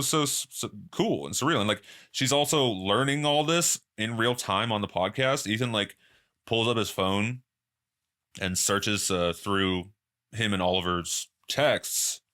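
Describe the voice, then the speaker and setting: Casual man with a bright voice. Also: lively intonation, a little slow. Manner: loose, rambling, quotes people in exaggerated high voices. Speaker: podcast host. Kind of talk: casual solo commentary.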